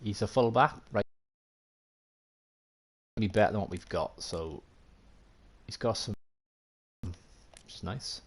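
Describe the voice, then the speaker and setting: Low-voiced Welsh man streaming a game. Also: takes it slowly, long pauses, husky. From Wales. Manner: thinks aloud, chatty, self-mocking, answers chat. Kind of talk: live gameplay commentary.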